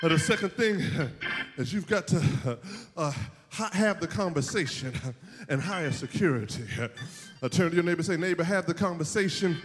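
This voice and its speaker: A man preaching a sermon in a church, with a rhythmic huffing cadence that climbs into shouted, half-sung runs. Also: on the high side, expressive, normal speed, big-room sound, faint music behind. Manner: rhythmic preaching with "huh" breaths, rising to shouted sung climaxes. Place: church sanctuary.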